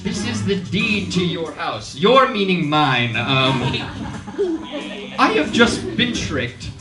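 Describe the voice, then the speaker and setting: A man's voice: fairly high pitch, very animated, takes it slowly. Man hosting a comedy stage show. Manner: playful, exaggerated, laughing often. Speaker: host of a live comedy show. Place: theater stage with audience. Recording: roomy sound from far off, loud music.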